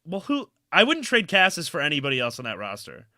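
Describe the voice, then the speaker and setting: A young man with a bright, piercing voice talks sports on a podcast. His pitch sits a little high and leaps all over the place. He's excitable and blunt and swears freely as he argues. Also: fast, dry recording, studio quality. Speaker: podcast co-host. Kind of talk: casual sports chat.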